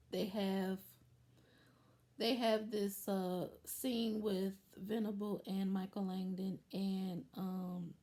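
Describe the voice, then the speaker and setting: Woman vlogger, mellow tone, animated retelling, casual recap. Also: mid-range voice. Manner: animated retelling, acts out lines of the characters. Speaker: vlogger reviewing a TV episode.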